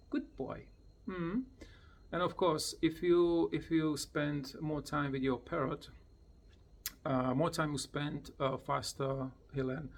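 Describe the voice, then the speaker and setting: Recorded at home beside his parrot, a man casually explains how he teaches it to talk, often repeating words in a high, sing-song voice. His slow, plain explanations use simple, slightly broken non-native grammar, his voice has vocal fry, and the clip plays like a casual tutorial vlog.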